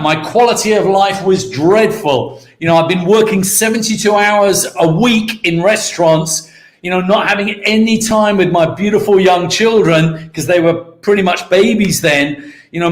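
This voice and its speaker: A British man giving an energetic motivational talk on a live stream, repeating key words and calling out to viewers by name. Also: high voice, echoey room. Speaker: network marketing mentor hosting a live stream.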